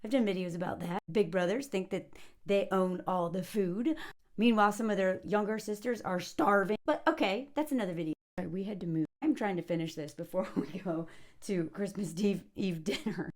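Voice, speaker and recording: A woman's voice: medium pitch, brisk, a little mellow. A woman reviewing a movie in casual spoken commentary, sarcastic and mocking, chatty with lots of likes and ums.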